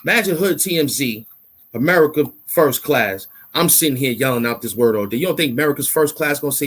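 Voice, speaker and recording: A man hosting an online commentary show, ranting in a loud, mocking, animated way and repeating himself for emphasis. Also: on the high side, fast talker. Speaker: YouTube commentary host.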